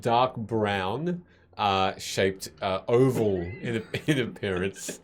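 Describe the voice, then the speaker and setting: Low-voiced man running a tabletop game. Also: lively intonation. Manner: halting, many fillers, laughs often. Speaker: game master.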